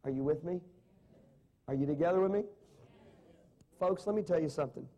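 Male pastor, sermon, slightly high mellow voice, dramatic emphasis, questions to the congregation. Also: a little fast.

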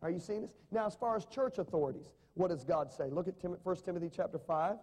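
A male preacher delivering a sermon, his voice mellow and a touch higher than most men's. He swings between loud emphatic bursts and softer dropped lines, often asking the congregation questions. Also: quick pace, husky. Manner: dramatic, rising and falling emphasis, asks the congregation questions. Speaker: pastor.

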